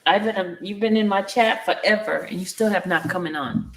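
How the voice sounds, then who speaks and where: A woman's voice: mid-range voice, brisk, a bit bright, a little hiss or hum. A woman hosts a casual live stream from her home, talking into a headset. She chats loosely and teases her audience, calling them to join in. Her voice carries a noticeable roomy echo. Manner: chatty, teasing, calls out to viewers. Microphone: headphones with mic.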